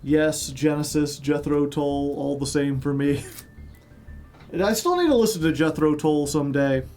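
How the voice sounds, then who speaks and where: A man's voice: on the high side, a little slow, a little mellow, soft background music. A man who grew up in Chicago, chatting casually with stream viewers in a rambling way full of fillers and joking asides.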